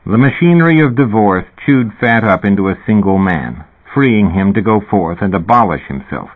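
A man reading a novel aloud in measured, dry scripted narration. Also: fairly low pitch, lively intonation. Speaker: audiobook narrator. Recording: tinny phone-like recording.

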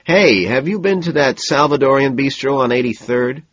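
A man's voice: mid-range voice, moderate pace, a bit bright, breathy edge, highs cut off, voice pushed up. A man voicing a breezy, sociable young male banker in an audiobook.

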